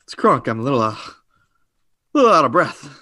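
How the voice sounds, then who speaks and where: A big, simple-minded henchman, as a man puts him on, friendly and a little slow, stopping to hunt for his words. His voice swings up and down with plenty of life, recorded close and dry. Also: mid-range voice, big pitch swings, pushed and bright, dry recording. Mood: amiable. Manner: slow-witted, halting and amiable. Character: big, good-natured, dim-witted henchman.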